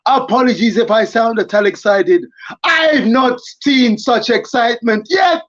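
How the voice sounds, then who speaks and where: A man giving excited, theatrical live football commentary for a watchalong stream, full of exclamations. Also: extremely high pitch, normal speed, highs cut off.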